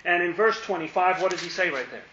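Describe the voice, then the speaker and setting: A man teaching a Bible study, playful and animated, acting out the lines he quotes. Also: sits high, quick pace, slight background noise. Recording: roomy, dull lo-fi.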